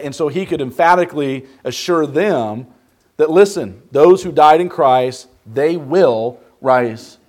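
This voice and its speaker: A man's voice: on the high side, darkish tone. A man preaching a Bible study, emphatic, putting questions to the class. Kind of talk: interactive Bible study sermon.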